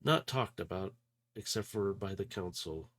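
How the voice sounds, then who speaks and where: A man voicing a quiet, measured robot. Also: low-pitched. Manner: quiet, measured, searching for words. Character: calm robot recalling a trusted ally.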